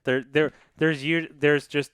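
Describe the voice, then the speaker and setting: Male podcast co-host, smooth voice, rambling and jokey, swears freely, dry close mic. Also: a little high, little pitch movement, a little slow, a bit bright, no room sound. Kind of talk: casual podcast chat.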